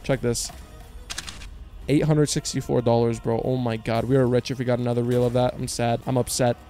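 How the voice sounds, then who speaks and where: A man giving casual slot gameplay commentary, joking in slang, swearing a lot and breaking into high yells on big wins. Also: flat delivery, brisk, faint music behind. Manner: slangy and joking, talks to viewers as bro and partner. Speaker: slot streamer.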